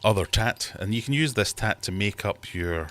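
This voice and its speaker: A British man in his thirties hosts a relaxed livestream from his home fish room. His voice sits very low, and he rambles good-naturedly, cracking jokes as he reads viewers' comments aloud. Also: normal speed, slight background noise. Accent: British English. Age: 30s. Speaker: livestream host. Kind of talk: casual livestream chat.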